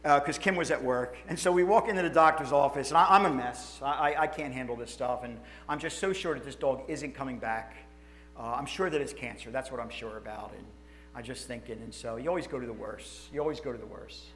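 A man, a pastor telling stories in a sermon with animated, emotional delivery, acting out quotes and restarting his sentences. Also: mid-range voice, fairly quick, faint music behind. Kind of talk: sermon storytelling.

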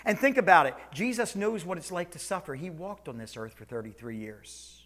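Male pastor, high voice, preaching in church, loud calls to soft slow lines. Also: animated. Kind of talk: sermon. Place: church sanctuary, also streamed online.

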